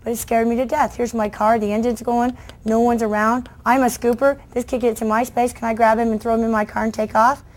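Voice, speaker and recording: A middle-aged woman, a children's book author, telling lively stories in a talk and acting out the voices of kids and adults. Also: a little high, a little fast, hardly any pauses. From United States. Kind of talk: lively storytelling speech to an audience.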